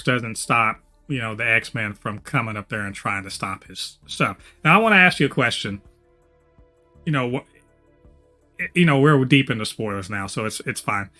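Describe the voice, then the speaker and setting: A man co-hosting a casual TV review podcast, talking in an animated, profane way that jumps up loud when he gets excited. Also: mid-range voice. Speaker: co-host of a TV review show.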